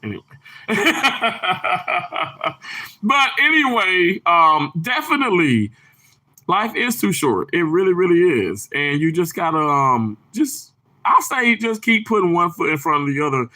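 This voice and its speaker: Southern male livestream host, lively swooping delivery, bubbly and quick to laugh. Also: sits high. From Mississippi. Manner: bubbly, laughs often, bursts into exclamations. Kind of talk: casual chat reading viewer comments.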